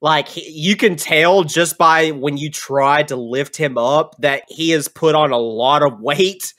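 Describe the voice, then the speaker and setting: A man narrating a tabletop role-playing game as game master, relaxed and explaining rules with fillers. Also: fairly high pitch, a little slow.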